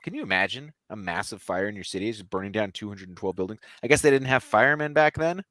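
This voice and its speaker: Animated, joking man podcast host. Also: lowish voice, fast, dry recording. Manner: joking, animated, sarcastic asides. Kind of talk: casual storytelling chat.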